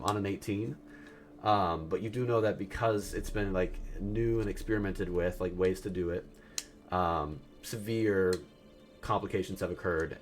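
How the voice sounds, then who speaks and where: Laid-back male game master, lowish voice. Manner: loose, hesitant, many fillers. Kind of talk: narrating a tabletop game.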